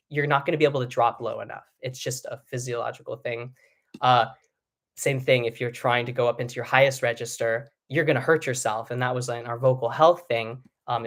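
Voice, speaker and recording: A man in a live-streamed singing lesson as a vocal coach. He explains loosely, with many ums and restarts. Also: medium pitch.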